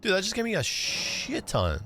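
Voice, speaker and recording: A man's voice: sits high, huge pitch swings, moderate pace, sharp tone, faint music behind. A young man chatting casually on a livestream while gaming, laid-back and rambling, cursing now and then. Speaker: streamer.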